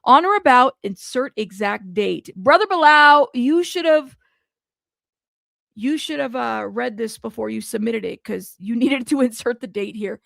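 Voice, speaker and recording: Gravelly-voiced woman reading a lawsuit aloud. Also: on the high side, animated, measured pace, a bit bright, dry recording, clean studio sound. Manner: reads legal text aloud, breaks into amused asides and laughter. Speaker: news commentary host.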